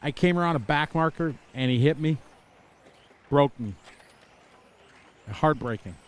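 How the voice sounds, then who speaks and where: A middle-aged man doing live play-by-play commentary at an outdoor racetrack. He is chatty and excitable, laughing and shouting out crashes as they happen. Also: fairly high pitch, unhurried. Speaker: race commentator.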